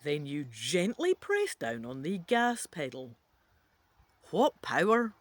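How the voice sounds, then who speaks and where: A woman's voice: low voice, wildly swooping pitch, a little slow, dry recording. A woman reading an interactive adventure book aloud, adding playful, chatty asides to the listener.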